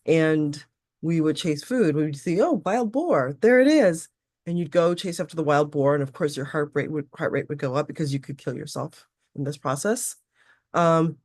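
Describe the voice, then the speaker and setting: A woman coaching a tapping session, calm and frank, leading listeners through repeated phrases with the odd swear. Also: deep voice, no echo, clean studio sound.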